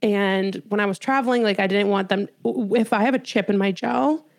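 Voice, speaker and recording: Young woman podcast host, vocal fry, chatty storyteller, dry close sound. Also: mid-range voice, brisk, dry recording. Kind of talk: casual chat.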